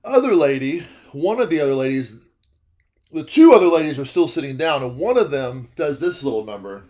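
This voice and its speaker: A young man, telling a comedic story about his work as a restaurant server. He talks in an animated way, cuts himself off, and repeats phrases for laughs. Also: on the high side, a little fast. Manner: animated, self-interrupting, repeats phrases for comic effect.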